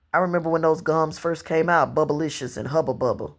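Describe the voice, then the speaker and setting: Low-voiced Louisiana woman telling stories. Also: steady tone. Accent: Southern US, Louisiana. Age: 50s. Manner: unhurried storytelling, drawn-out phrasing, slips into dialect and quoted voices. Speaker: vlogger. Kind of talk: rambling personal monologue to camera.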